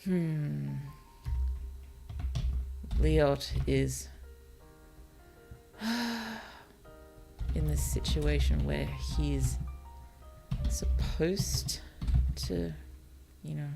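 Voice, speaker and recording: Low, gravelly woman musing aloud. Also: steady tone, drawn-out words, long pauses, music in the background. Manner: musing, hesitant, with frequent fillers and soft laughs. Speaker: virtual author streamer. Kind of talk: casual thinking-aloud livestream while writing.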